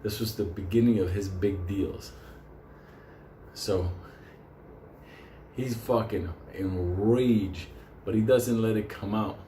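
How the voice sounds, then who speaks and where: Male storyteller, lower-pitched voice, rambling and foul-mouthed, recorded in a reverberant room. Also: takes it slowly, long pauses, warm tone, a little hiss or hum. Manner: digressive, swears constantly, laughs through his story. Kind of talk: casual profane anecdote. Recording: echoey room with faint ambience.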